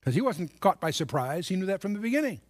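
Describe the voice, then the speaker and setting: Man, Bible teacher, high voice, emphatic, dry close sound. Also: fast, dry recording. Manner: animated, emphatic, reads scripture aloud.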